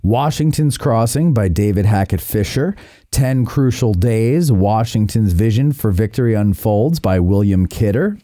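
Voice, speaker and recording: A man's voice: lowish voice, unhurried, dry recording, studio quality. A man hosting a history podcast, telling stories in casual chat and acting out the voices. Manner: animated storyteller who acts out the voices. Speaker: podcast host.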